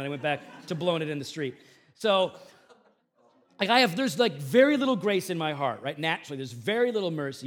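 Male pastor, high voice, animated sermon delivery, chatty storyteller with punchy loud bursts and soft drops. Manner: animated, swings between loud emphatic peaks and quiet asides; conversational storytelling with self-deprecating humor.

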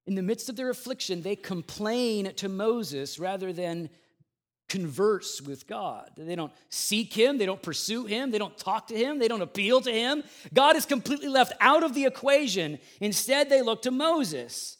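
A man preaching a sermon in a conversational way, moving between loud emphasis and quiet asides. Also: high-pitched, lively intonation, a little slow. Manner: plays out the grumbling people in a raised voice. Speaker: pastor.

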